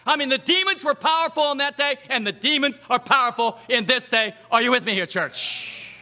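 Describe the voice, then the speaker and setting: A man preaching a sermon to his church, animated and acting out the voices in a Bible story. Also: extremely high pitch, fairly quick, hardly any pauses. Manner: animated, acts out the quoted voices in the scripture story.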